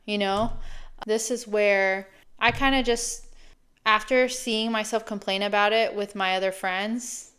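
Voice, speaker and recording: A woman in her late thirties, a fitness coach, talking casually and reflectively in a chatty, animated way. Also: medium pitch, unhurried, smooth. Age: 30s. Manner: chatty, animated, laughs often.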